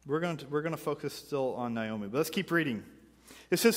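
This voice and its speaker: A man preaching a sermon in a church, reading scripture with joking asides and swinging from loud bursts to hushed lines. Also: on the high side, expressive, a little fast. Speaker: pastor. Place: church sanctuary. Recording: church hall reverb.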